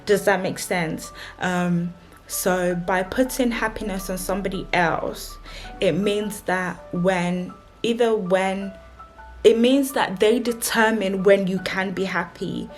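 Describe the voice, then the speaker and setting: A woman's voice: medium pitch, steady tone, slow, soft background music. A young woman, a married vlogger giving chatty, emphatic relationship advice and repeating her warnings. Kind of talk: casual advice talk to camera.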